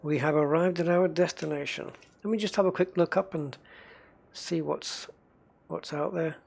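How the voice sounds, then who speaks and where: Gravelly man chatting through his gameplay. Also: fairly high pitch, steady tone, moderate pace. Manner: chatty, talks to himself and the game, chuckles often. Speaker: gamer narrating his play. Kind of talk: casual gameplay commentary.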